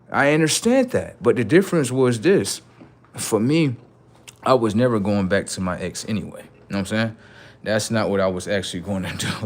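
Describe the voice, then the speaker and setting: A man livestreaming, telling a story in casual, slangy speech and repeating phrases for emphasis. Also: fairly low pitch.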